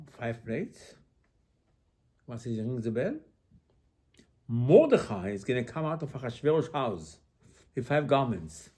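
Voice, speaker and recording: Animated rabbi giving a sermon. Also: male voice, medium pitch. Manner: animated, rhetorical questions, acts out quotes.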